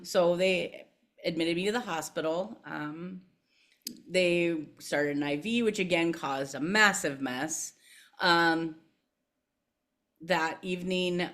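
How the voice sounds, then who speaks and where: A woman's voice: low voice, a bit bright. A young woman, telling her story as a podcast guest in a chatty way, with many fillers and frequent laughs. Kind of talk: casual interview storytelling.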